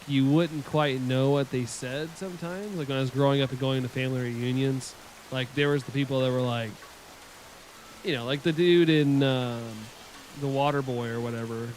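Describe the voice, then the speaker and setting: A man's voice: medium pitch, a little hiss or hum. A man chatting casually with his live-stream viewers, rambling and laughing often.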